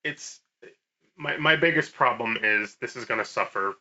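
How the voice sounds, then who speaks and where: Male podcast co-host, very bright tone, emphatic casual gaming chat. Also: mid-range voice, moderate pace, poor audio. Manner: emphatic, swears casually, repeats words.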